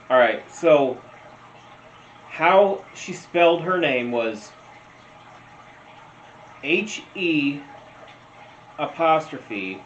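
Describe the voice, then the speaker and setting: A man doing casual meme reaction commentary, rambling, telling stories and laughing often. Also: fairly high pitch. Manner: slow, rambling, laughs a lot. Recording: roomy, dull lo-fi sound with faint noise.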